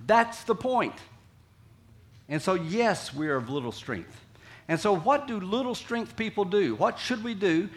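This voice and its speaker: A man preaching a sermon to his congregation in a conversational way, dropping low and quiet, then acting out quotes loudly. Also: animated, a little slow. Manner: conversational, acts out quotes with big swings from quiet to loud. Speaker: pastor. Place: church sanctuary.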